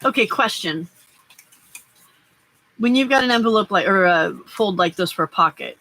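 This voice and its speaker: A woman's voice: mid-range voice, expressive, normal speed, long pauses, sharp tone, poor audio. A middle-aged woman hosting a casual live stream, chatting and rambling as she crafts and answers viewers' comments. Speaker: livestream host.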